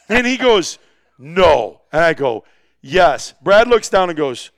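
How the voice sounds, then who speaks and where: A man telling a hunting story in lively, animated fashion, acting out the dialogue and laughing often. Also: sits high, slow, pauses often, no echo, studio quality.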